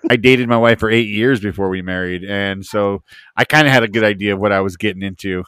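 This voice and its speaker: A man's voice: lowish voice, a little fast, a bit bright, smooth, no echo, rough recording. A man in casual podcast chat, laid-back and agreeable, often asking "you know what I mean".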